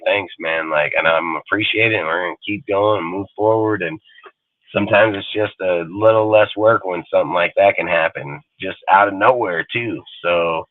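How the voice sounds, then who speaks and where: A man's voice: deep voice, no room sound. A man hosting a sports talk show, ranting heatedly with constant swearing and emphatic repetition. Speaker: sports podcast host. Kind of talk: heated casual rant. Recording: dry, phone-like line.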